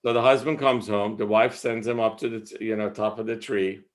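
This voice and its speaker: A man's voice: lowish voice, fairly even intonation, a little fast. Rambling man retelling a story on a call. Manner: rambling storyteller, many fillers and restarts. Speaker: discussion leader reading a poem. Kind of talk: casual explanation of a poem on a video call. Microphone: video call.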